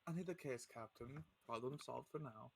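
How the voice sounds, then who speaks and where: A man voicing a polite, businesslike inspector who clears ships of vermin. He speaks in a quiet, courteous and slightly sly manner for a tabletop game. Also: mid-range voice, normal speed, no room sound. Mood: smooth.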